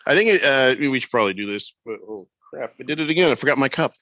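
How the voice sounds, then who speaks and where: Rambling joking sports radio host. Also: male voice, mid-range voice, animated, fast talker, pushed and bright, no room sound. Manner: rambling, joking, self-mocking. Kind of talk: casual sports talk. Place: radio studio.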